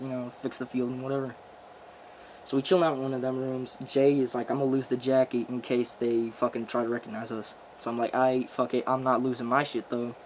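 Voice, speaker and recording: A young man spins a rambling, boastful story full of swearing and street slang. His voice sits at an ordinary middle pitch. He records casually at home, with a faint hiss in the background. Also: rough recording.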